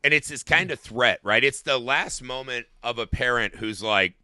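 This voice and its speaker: A middle-aged man co-hosting a podcast in casual, animated chat, swearing and laughing as he acts out quotes. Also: mid-range voice, fairly quick, hardly any pauses, no echo, clean studio sound. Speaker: podcast co-host.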